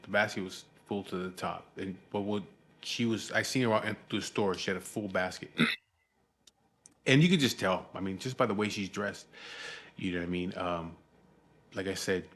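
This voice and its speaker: A man's voice: sits low, unhurried, long pauses, sharp tone. A middle-aged man, telling a profane, rambling story to camera in a casual vlog. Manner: profane, rambling, frequent "you know what I mean". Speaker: vlogger.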